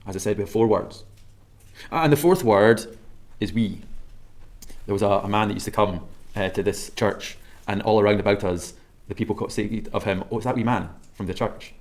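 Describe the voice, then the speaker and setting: A man with a Scottish accent and a lowish voice preaches a sermon. He is measured and emphatic, slowing down to stress key words.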